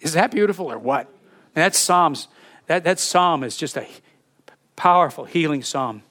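A male pastor preaching a sermon in an emphatic, expressive way, reading scripture aloud to his congregation. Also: on the high side, normal speed.

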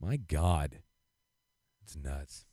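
A man co-hosting a podcast, ranting in a casual, profane, animated way. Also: a bass voice, drawn-out words, husky, no echo, studio quality. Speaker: podcast co-host. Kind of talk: casual chat.

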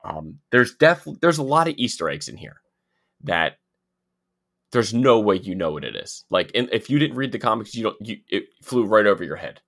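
A man co-hosting a casual show chat, halting and repeating his words as he talks. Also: fairly low pitch, very animated, a bit bright. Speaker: podcast co-host.

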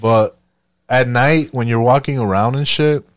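A young adult man from Chicago, telling a profane, animated story in casual chat and acting out the other people's lines. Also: mid-range voice, a little slow, no room sound, studio quality.

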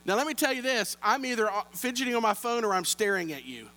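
High-voiced pastor in a hall. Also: male voice, big pitch swings, fast talker, sharp tone. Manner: humorous storytelling, playful asides to the congregation. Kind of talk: sermon. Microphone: handheld microphone.

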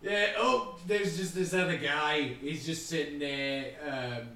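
A man's voice: on the high side, slow pace, pushed and bright, far from the mic. Joking game master man, echoey room. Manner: loose, joking narration. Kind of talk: narrating a tabletop game.

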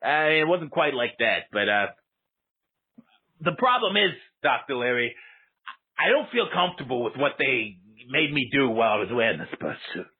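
A man's voice: medium pitch, big pitch swings, normal speed, breathy edge. An actor playing a hot-tempered male baseball mascot calling a radio show, stammering and swearing constantly, heard over a phone line. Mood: aggrieved. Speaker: caller.

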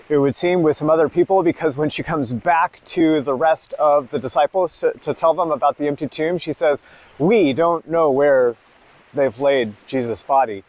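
A male pastor praying and preaching at an online church service in a reflective way that grows emphatic. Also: fairly high pitch. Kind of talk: sermon and prayer.

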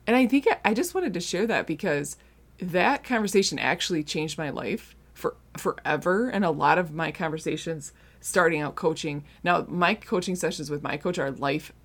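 A middle-aged woman hosting a faith-based podcast, talking earnestly and directly to her listeners in a casual, conversational way. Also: sits low. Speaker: podcast host and marriage coach client.

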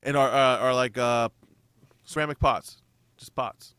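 A man's voice: medium pitch, fairly even intonation, unhurried, a bit bright, smooth, no room sound. Laid-back man on a dry close mic. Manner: laid-back, agreeable, hesitant fillers. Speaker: podcast co-host. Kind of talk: casual podcast banter.

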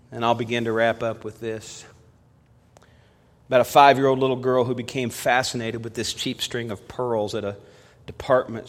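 A man preaching a sermon as pastor, telling stories and swinging from loud emphasis to hushed appeals. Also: medium pitch. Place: church sanctuary. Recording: long reverb of a church hall.

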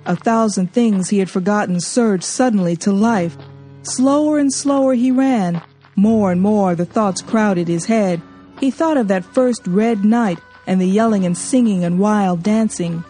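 A woman reading a novel aloud as an audiobook narrator, measured and expressive. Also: mid-range voice, soft background music. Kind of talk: storybook reading.

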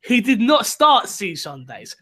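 A man's voice: high voice, big pitch swings, unhurried, fairly bright tone. A man co-hosting a gaming podcast, chatting casually with an upbeat manner and reading out listener emails. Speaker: podcast co-host.

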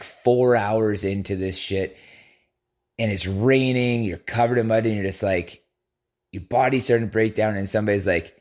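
A man's voice: on the low side, darkish tone. Profane, rambling man telling a story. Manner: profane, rambling, quotes his own thoughts aloud. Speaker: podcast host. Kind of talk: casual storytelling monologue.

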